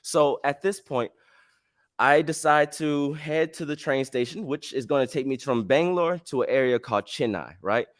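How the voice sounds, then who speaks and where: Animated man telling a story. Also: fairly high pitch, normal speed, no room sound, clean studio sound. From United States. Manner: animated, casual slang, acts out dialogue. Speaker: podcast host. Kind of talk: storytelling podcast.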